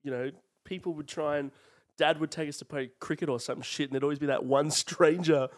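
A man on a comedy podcast, talking in casual, expressive banter and laughing often. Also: a little high, a little fast. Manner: expressive, swooping delivery with frequent laughs. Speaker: podcast co-host.

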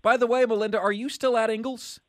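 A man hosting a sports talk radio show, energetic and animated. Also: very high voice, quick pace, dry recording, studio quality. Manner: energetic, animated, laughs often. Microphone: studio microphone.

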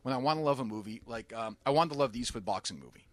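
Lively, fast-talking male host. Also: mid-range voice, dry recording. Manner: opinionated, rapid-fire questions. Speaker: podcast host. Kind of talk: casual interview chat.

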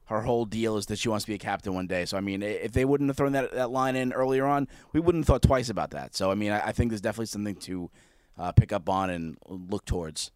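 A man's voice: lowish voice, fast talker, clean tone, no room sound, clean studio sound. A man co-hosting a podcast, talking casually about a TV episode, hesitant with stammering restarts. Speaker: podcast co-host.

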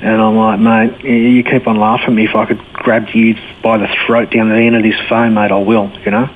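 A man's voice: on the low side, fairly quick. A middle-aged man with an Australian accent, telling his personal story as an interview guest in a candid, colloquial way. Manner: candid and colloquial, animated when retelling dialogue. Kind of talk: personal testimony in a radio interview. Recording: tinny phone line with faint noise.

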